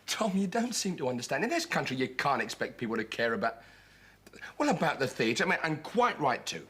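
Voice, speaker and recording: An actor playing Wilfred, a self-pitying grown son who runs a theatre, in 1970s TV sitcom acting. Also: male voice, mid-range voice, sing-song, a little fast, fairly bright tone, husky. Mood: worried. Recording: noisy old TV soundtrack.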